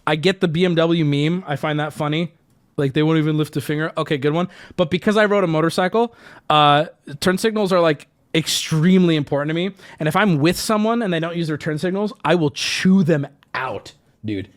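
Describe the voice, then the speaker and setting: A man streaming live, ranting casually to his chat with animated swings between mock outrage and joking. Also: fairly high pitch, brisk.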